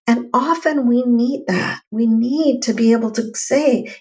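A middle-aged woman co-hosting a podcast, telling a personal story in an animated, conversational way. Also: a little high. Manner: animated, lively storyteller with quick affirmations. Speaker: podcast co-host.

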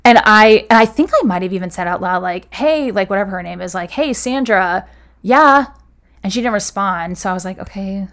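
A woman's voice: mid-range voice, fast, few pauses, fairly bright tone. A young woman casually telling a personal story, filling it with "like" and acting out what people said. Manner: chatty, full of "like" fillers, acts out quoted dialogue.

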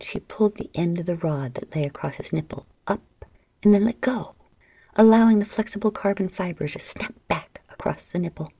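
A woman narrating an erotic story in a soft, half-whispered delivery close to the mic. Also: low voice, gravelly, breathy edge, no room sound.

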